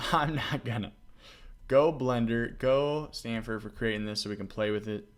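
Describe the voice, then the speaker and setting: A man hosting a casual coding tutorial, talking to himself as he works and getting loudly excited and laughing when things run. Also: medium pitch, a little slow.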